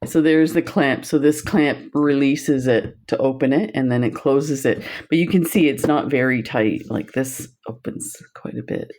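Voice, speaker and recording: An older woman whose first language is French teaches a craft while chatting casually and laughing often. Her voice is extremely low-pitched and a little mellow, at a moderate pace with few pauses.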